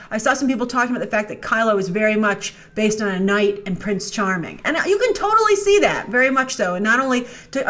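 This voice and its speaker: A woman's voice: a little high, a bit bright. Chatty sarcastic lady doing a trailer breakdown, voice jumps all over. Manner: chatty and sarcastic, puts on mocking voices for characters. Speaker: host. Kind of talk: casual trailer breakdown commentary.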